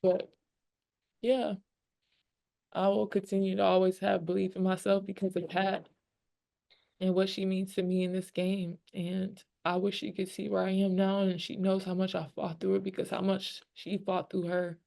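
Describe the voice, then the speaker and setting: Near tears, a woman who plays pro basketball speaks candidly to the press in a mid-range, gravelly, dark voice with little pitch movement. Her answers come at normal speed and ramble, full of fillers.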